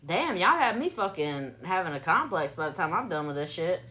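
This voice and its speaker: A woman with a fairly low, sing-song voice and sharp tone talks briskly to her live audience. Hosting from South Carolina in a Southern accent, she's relaxed and playful, saying words repeatedly to test how they come out.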